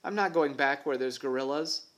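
A man's voice: mid-range voice, moderate pace, voice pushed up, lightly acted. A man reading aloud voices a frightened young boy who whines and refuses to go back. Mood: scared. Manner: whiny, fearful. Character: scared tearful young boy.

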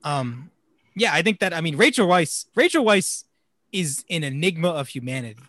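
A man's voice: a little high, lively intonation, normal speed, fairly bright tone, no room sound. A man hosting a casual podcast about films, rambling and stumbling over his words and laughing often. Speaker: podcast host.

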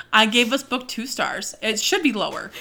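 A woman's voice: fairly high pitch, bright, forceful tone. A young woman co-hosting a casual book podcast, ranting with mock outrage and laughing often. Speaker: podcast co-host. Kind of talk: casual chat about books.

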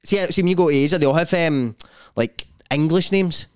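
Young Scottish man telling animated stories. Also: on the high side, fairly quick, clean tone, no echo, studio quality. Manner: animated storytelling, broad slang, bursts of loud laughter. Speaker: podcast co-host. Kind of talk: casual chat.

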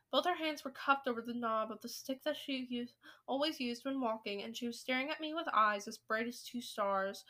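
A woman reading a children's book aloud, with steady, expressive storytelling. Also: on the high side.

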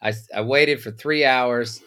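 A man co-hosting a podcast, complaining in a measured, sarcastic way during casual banter. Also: mid-range voice, pushed and bright. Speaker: podcast co-host.

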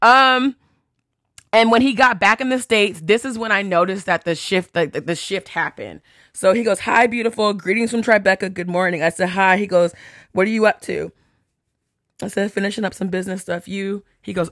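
A woman's voice: medium pitch, normal speed, no echo, clean studio sound. A woman hosting a podcast and telling a story in a chatty way. She swears freely and reads out text messages. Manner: chatty, animated retelling, quotes texts aloud, swears freely. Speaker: podcast host. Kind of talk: casual storytelling.

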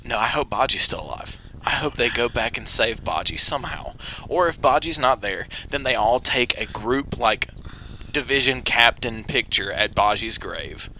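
A young man in casual, excited conversation, swearing freely and acting out character lines in quick voices. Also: medium pitch, a little hiss or hum, low-quality recording. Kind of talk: casual anime discussion.

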